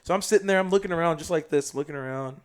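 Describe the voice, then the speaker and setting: A man from South Sudan, a podcast guest telling a story in casual chat. He is animated and slangy, and swings between loud bursts and hushed asides. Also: fairly high pitch, very fast, smooth.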